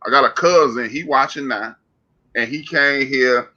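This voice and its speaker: Man from Chicago, podcast co-host, very bright tense voice, slightly high, muffled lo-fi sound. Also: moderate pace. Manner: animated storyteller, calls out to the chat. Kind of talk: casual chat. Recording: muffled lo-fi audio.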